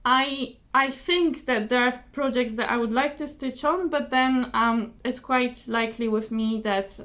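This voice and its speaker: A young woman hosting her own crafting video, chatting casually and apologetically to camera, slightly hoarse, with many fillers and repeated words. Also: on the high side, fairly bright tone.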